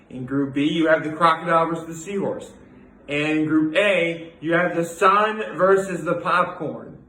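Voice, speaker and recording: A man's voice: fairly high pitch, a bit bright. Rambling young man in an echoey room. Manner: rambling, many fillers and restarts. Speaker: vlogger. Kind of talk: casual daily vlog talk.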